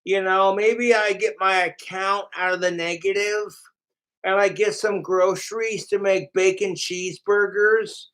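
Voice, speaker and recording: High-voiced man ranting slowly. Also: steady tone, a bit bright. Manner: profane, mocking, rambling. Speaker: streamer. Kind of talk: ranting live stream. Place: home apartment.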